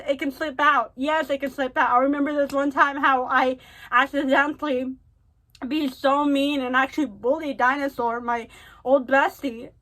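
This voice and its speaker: A woman's voice: sits high, fairly bright tone. A young woman vlogger sharing a personal story and earnest advice in a confiding, repetitive way. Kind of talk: heartfelt storytime advice vlog.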